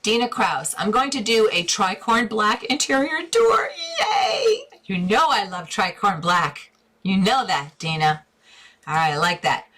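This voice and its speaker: A middle-aged woman hosting a live interior design Q&A, answering viewer questions in a chatty, encouraging way with bursts of excitement. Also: medium pitch, a little slow. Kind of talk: casual live-stream advice.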